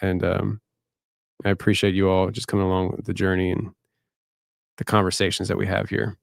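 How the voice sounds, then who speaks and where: A tired man hosting a late-night live show, talking in a halting, rambling, candid way. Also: deep voice, monotone, creaky, no room sound, clean studio sound. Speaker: podcast host.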